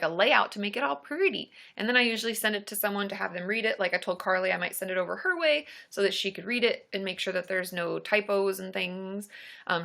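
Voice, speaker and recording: Bright, bubbly woman chatting live. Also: medium pitch, creaky. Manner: bubbly and chatty, cheering viewers' names. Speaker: therapist. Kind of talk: live-stream Q&A, answering viewer comments.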